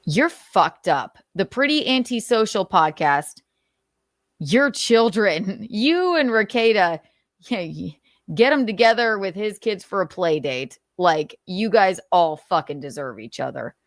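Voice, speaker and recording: Speaking a little slowly with lively intonation and a medium pitch, this livestream host rants angrily, swearing nonstop and repeating rhetorical questions. Emotion sometimes chokes her up during the heated commentary, and the sound is clean studio audio with no echo.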